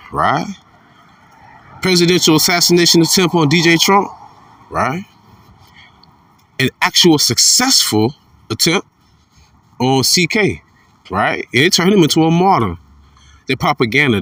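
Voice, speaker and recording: A man giving an informal religious commentary monologue. He is blunt and profane, repeats himself, and swings between fired-up outbursts and low muttering. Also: bright, forceful tone, no echo, distant mic.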